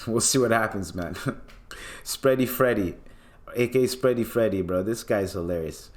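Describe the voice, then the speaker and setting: A man's voice: fairly low pitch, moderate pace, a little mellow. A young man from Canada hosting a casual podcast monologue, joking and swearing freely. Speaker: podcast host.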